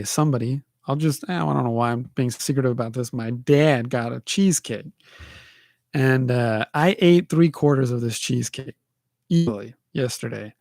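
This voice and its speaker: A man hosting his own podcast, telling rambling self-deprecating stories alone, with halting restarts. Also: medium pitch, a little mellow, no echo, studio quality. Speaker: podcast host. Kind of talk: rambling solo monologue. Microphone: livestream mic.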